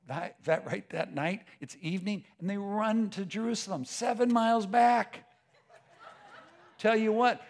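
A man preaching a sermon with passion, dropping to a hush and rising to a shout, with frequent stammers and restarts. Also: high voice. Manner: impassioned, swings from hushed to shouting.

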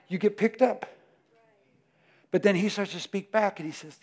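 Animated, laughing male preacher. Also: high voice, normal speed, vocal fry, breathy edge. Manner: animated and conversational, often laughing, acting out voices. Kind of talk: sermon.

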